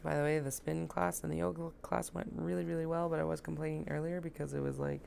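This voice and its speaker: A woman's voice: sits low, level tone, fast, vocal fry, darkish tone, slight background noise. A woman talking casually as she sews, joking and chatting to herself while she works in a home sewing room. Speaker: sewing vlogger.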